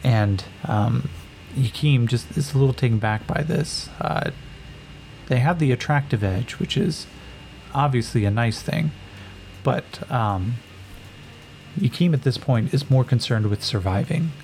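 A man narrating a solo tabletop game and rolling on tables, in a relaxed way with many fillers. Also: medium pitch, a little slow, creaky, slight background noise, poor audio.

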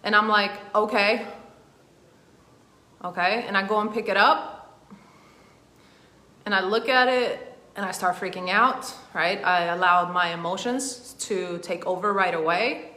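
Woman coach, bright voice, rambling conversational storyteller, roomy echo. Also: mid-range voice, unhurried. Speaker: emotional intelligence coach. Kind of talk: personal story told in a masterclass.

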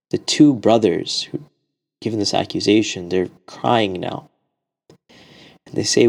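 A preacher telling a religious story in a sermon, slipping into the voices of the people in it. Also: male voice, on the low side, steady tone, moderate pace, creaky, pauses often, darkish tone. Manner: dramatic storyteller acting out quotes.

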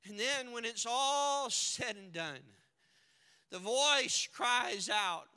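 A man preaching a sermon with dramatic swings from hushed to shouting, recorded in a church sanctuary. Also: extremely high pitch, extremely slow, clear, resonant tone. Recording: long hall reverb.

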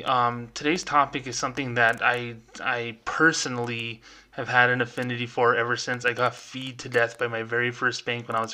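A man's voice: mid-range voice, sharp tone, low-quality recording. A young man hosting a casual solo podcast from a room at home, talking in a chatty, rambling way with many fillers. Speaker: podcast host.

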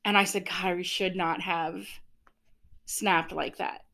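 Podcast co-host, woman, 50s, bright and candid, laughs a lot. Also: fairly low pitch, fairly even intonation, slow pace, vocal fry. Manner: candid, laughs often, acts out past dialogue. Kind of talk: casual chat.

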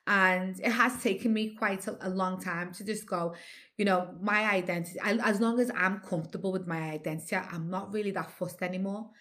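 A woman's voice: mid-range voice, fairly even intonation, a little fast, fairly bright tone. A Scouse woman in her forties, a TV presenter, chatting animatedly in an interview and laughing often. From Liverpool, England. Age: 40s. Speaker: TV presenter and guest. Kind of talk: casual interview chat.

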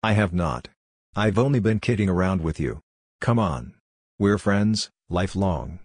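A man's voice: deep voice, expressive, a little slow, no echo, exaggerated voice. A man voicing a sardonic, teasing talking rice cooker in a storybook reading. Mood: chiding. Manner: dry, teasing, chiding.

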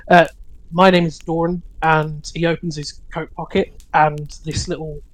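A tabletop game player speaking in character, halting with fillers. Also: medium pitch, flat delivery, low-quality recording. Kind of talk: tabletop role-play.

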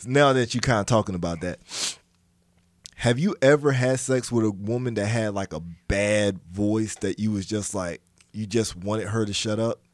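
A man's voice: fairly low pitch, normal speed, dry recording. Laid-back slangy podcast host man. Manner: laid-back, slangy, says "you know what I'm saying". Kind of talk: casual podcast banter.

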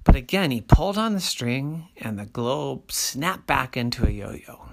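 A storyteller telling a children's story in a slow, sing-song way, dropping to soft asides. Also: medium pitch, sing-song, creaky, slight background noise.

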